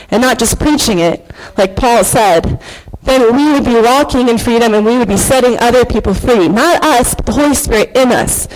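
On a church stage, a thirtysomething woman gives her personal testimony of faith, emotional and earnest, with halting fillers. Her pitch is on the high side and her tone a little mellow, captured in a rough recording.

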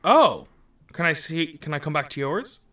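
A man's voice: fairly high pitch, lively intonation, moderate pace, fairly bright tone, far from the mic. A man improvising a clueless caveman, the first human, doing a confused and flustered stand-up set. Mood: exasperated. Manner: flustered, pleading, rising to outbursts.

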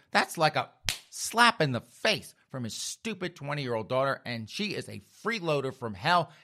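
A man's voice: medium pitch, sharp tone. A man ranting through a mocking comic story, addressing his audience as folks. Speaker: comedian.

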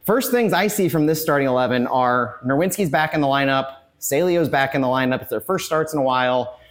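A man hosting a casual sports podcast live from a tavern, a little out of breath and talking with quick energy. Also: medium pitch. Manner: energetic, rapid listing of lineups. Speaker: podcast host. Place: bar and tavern, live on location.

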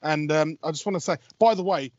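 A man's voice: on the high side, a little fast, a little mellow, dry recording. A man who works as a football radio commentator. He tells a story in casual podcast chat, rambling, laughing and swearing, with many restarts, and he has a cold. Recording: dull lo-fi audio.

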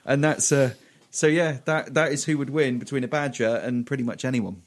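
A man's voice: mid-range voice, fairly even intonation, moderate pace. A man co-hosting a podcast, rambling through silly stories in casual chat with lots of swearing and laughter. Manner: sweary, giggly, rambling storyteller. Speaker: podcast co-host.

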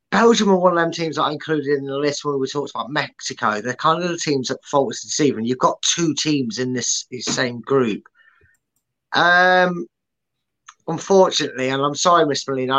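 A man's voice: on the high side, pushed and bright, poor audio. A man co-hosting a casual football prediction chat, playful and rambling, with many restarts. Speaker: podcast co-host.

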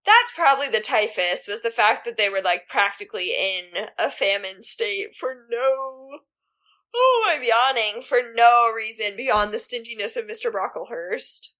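A woman's voice: on the high side, normal speed, hardly any pauses, pushed and bright. A woman co-hosting a casual book podcast, chatty and full of 'like'. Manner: chatty, many fillers like 'like'. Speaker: podcast co-host.

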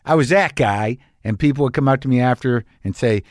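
A man's voice: medium pitch, brisk, no room sound. Man, middle-aged, podcast host, blunt and profane, wry monologue, dry close sound. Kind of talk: candid personal monologue.

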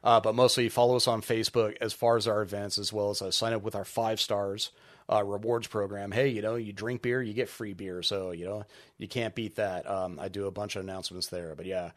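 Man, low voice, brewery owner, easygoing podcast guest, rambling with ums. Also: brisk. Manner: relaxed, rambling, many filler ums. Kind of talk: casual interview chat.

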